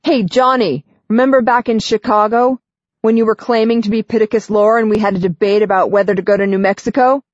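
A woman voicing a brash, sarcastic teenage boy in an audiobook, teasing and loud. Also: fairly high pitch, very animated, measured pace, hardly any pauses, breathy edge, no room sound, voice pushed up, heavily acted. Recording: dull, dry studio sound.

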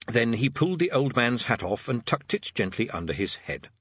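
A man's voice: mid-range voice, big pitch swings, moderate pace, fairly bright tone, slightly rough, no room sound, lo-fi sound. A man narrating an audiobook with a dry, wry delivery.

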